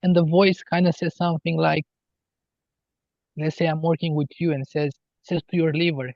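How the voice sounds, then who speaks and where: A man talking as a healer guest on a podcast, slow and earnest as he explains spiritual ideas. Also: fairly high pitch, flat delivery, creaky, darkish tone, dry recording, muffled recording. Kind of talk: podcast interview.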